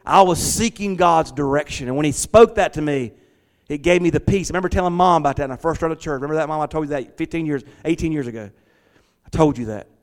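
A middle-aged man, preaching a lively, conversational sermon from a church hall. He repeats his words and talks back to the congregation. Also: fairly high pitch, fast. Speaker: pastor. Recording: long church hall reverb.

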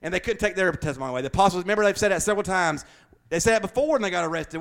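Southern male preacher, high-pitched, folksy, emphatic bursts and soft asides. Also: expressive, racing, gravelly. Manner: folksy, joking asides with frequent laughter; swings from loud emphatic bursts to quiet, low asides. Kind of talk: sermon.

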